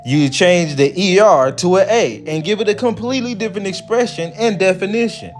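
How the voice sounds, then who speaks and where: A man with a slightly raised pitch hosts a commentary video, reading passages aloud at a slow, careful pace before sliding back into loose, chatty asides. Soft music plays quietly underneath him. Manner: reads quotes slowly, then chats loosely. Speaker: video host.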